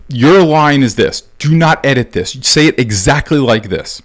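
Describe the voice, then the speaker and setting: A man's voice: a little high, animated, normal speed, hardly any pauses. A man coaching baseball dads, giving blunt, emphatic parenting advice and repeating key points. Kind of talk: direct-to-camera parenting advice.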